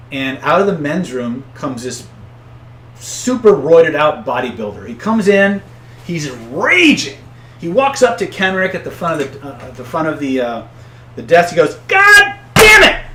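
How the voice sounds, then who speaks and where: A man coaching viewers on influence in a casual live-stream, often tagging points with "right?" and shouting out angry characters when he tells stories. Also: on the high side, reverberant, slight background noise. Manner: conversational, tags points with "right?"; acts out angry voices loudly in stories. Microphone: own camera setup.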